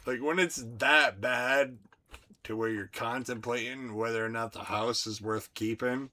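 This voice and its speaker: A young man streaming, talking to his chat in an excitable, profane rant. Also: mid-range voice, unhurried. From United States. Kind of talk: casual livestream chat.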